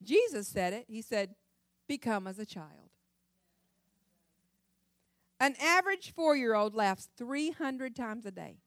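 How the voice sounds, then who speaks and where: A middle-aged woman speaks at a church women's gathering, mixing scripture with jokes in an animated, laugh-filled way. Her voice sits high, and the close mic keeps it dry and free of room sound. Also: moderate pace, no echo. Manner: animated, laughs often, sings snippets. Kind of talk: humorous devotional talk.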